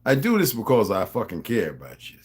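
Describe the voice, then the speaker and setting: A man's voice: lowish voice, huge pitch swings, a little fast, slightly rough. A middle-aged man with a New Jersey accent, talking to his subscribers in a rambling, profane, confrontational monologue. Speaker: vlogger.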